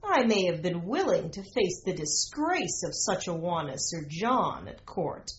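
A woman's voice: mid-range voice, takes it slowly, creaky, fairly bright tone, roomy sound, lo-fi sound, a little hiss or hum. A woman voicing a scornful, haughty noblewoman. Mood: indignant. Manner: cold, threatening.

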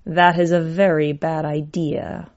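A woman voicing a calm, cool personification of Death in a storybook reading, measured and even. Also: low voice. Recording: dull lo-fi recording.

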